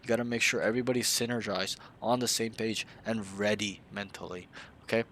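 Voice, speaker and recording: A man's voice: fairly low pitch, fairly even intonation, brisk, a bit bright, slight background noise. A man coaching a player in a casual game review, blunt and slangy, often swearing.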